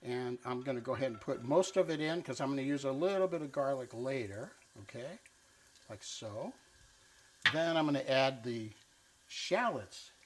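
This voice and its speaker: A man's voice: mid-range voice, animated, normal speed. A man hosting a cooking show, chatting playfully and teaching Italian words as he cooks in a kitchen. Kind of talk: casual cooking demonstration. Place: kitchen with island and stovetop.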